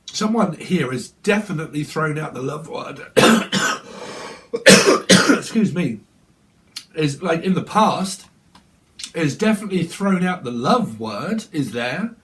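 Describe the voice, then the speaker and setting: A man's voice: a little high, animated, takes it slowly, long pauses, fairly bright tone. Blunt, rambling man reading tarot. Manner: blunt, rambling and profane, often laughing. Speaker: tarot reader. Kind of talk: casual tarot reading monologue. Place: at home, windy day.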